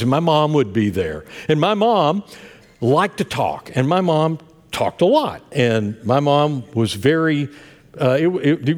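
An older man with an Appalachian accent preaching a sermon, telling folksy family stories with warm asides. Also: mid-range voice. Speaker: pastor.

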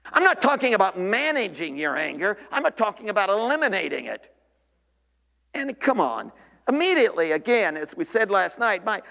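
A man's voice: high-pitched, a bit bright. A man preaching a sermon in an emphatic, repetitive style, acting out imagined people to make his points. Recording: hall reverb.

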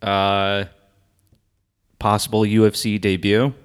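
A man's voice: on the low side, monotone, slow pace, smooth. A man in casual podcast chat who laughs a lot and jokes drily.

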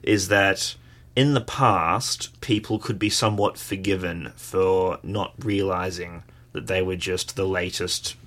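A man's voice: low voice, steady tone, a little slow, fairly bright tone. An Australian man co-hosting a casual political chat, wry and digressive, with casual swearing.

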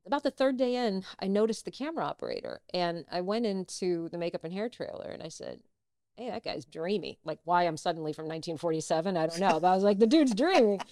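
A middle-aged actress, a guest in a casual interview, telling personal stories and acting out what others said. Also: female voice, on the low side, fast talker, hardly any pauses, no room sound, clean studio sound. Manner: animated, acts out quoted dialogue.

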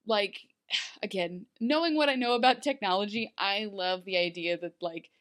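A chatty woman co-hosting a casual podcast, her voice sitting at an everyday middle pitch. She talks loosely and animatedly, full of fillers and little laughs as she recaps. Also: moderate pace, a bit bright. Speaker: podcast co-host.

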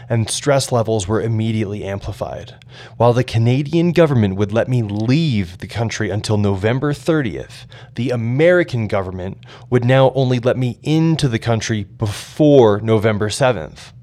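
A man's voice: lowish voice, darkish tone. A young adult man narrating his personal memoir in an earnest, reflective way.

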